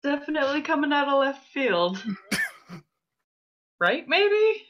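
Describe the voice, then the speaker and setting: A woman's voice: high voice, sing-song, a little slow, dull audio. A woman playing a tabletop game, making brief, wry remarks. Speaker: player. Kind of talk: casual tabletop play.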